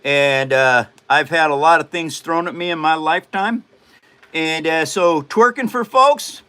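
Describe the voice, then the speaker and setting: Old guy in his 70s chatting on a livestream, joking around, bright kinda high voice. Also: animated, measured pace. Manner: joking, rambling, laughs often. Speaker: livestream host. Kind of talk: casual livestream chat.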